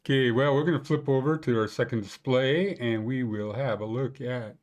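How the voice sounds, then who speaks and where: Man, live-stream host, casual viewer chat, rambling, joking, plenty of ums and uhs, mid-pitched voice. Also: normal speed, hardly any pauses, darkish tone. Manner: rambling, joking, chatty with lots of fillers. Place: Banff area.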